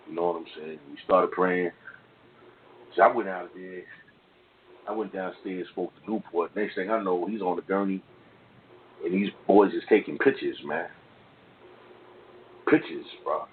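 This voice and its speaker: A middle-aged man speaks as an interview guest, his voice sitting a little low. He tells his stories in loose street slang, often tagging his sentences with "man" and "you know what I'm saying". The sound is thin and phone-like, with a faint hiss underneath. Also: animated, unhurried, pauses often. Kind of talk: casual storytelling in an interview.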